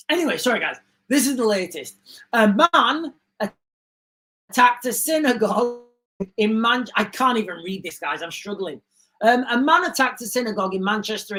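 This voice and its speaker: A woman hosting a live stream, reading breaking news aloud and stopping to give her own opinions to viewers. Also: mid-range voice. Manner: reads breaking news aloud with chatty asides; talks straight to viewers, often says "guys". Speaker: livestream host. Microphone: streaming setup mic.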